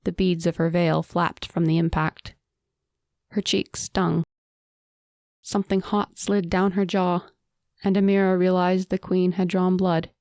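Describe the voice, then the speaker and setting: Lower-pitched woman narrating an audiobook. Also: level tone, measured pace, darkish tone, no room sound, studio quality.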